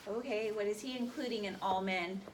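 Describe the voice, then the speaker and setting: A woman's voice: mid-range voice, a little fast. A woman teaching a history class, reading a speech aloud and firing questions at her students. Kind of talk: classroom lecture. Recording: classroom recording from far off, slight noise.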